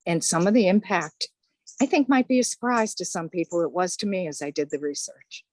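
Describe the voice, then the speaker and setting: A woman's voice: on the low side, expressive, brisk, no echo. An older woman with a Boston accent, a course instructor chatting through interview answers. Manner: chatty, conversational.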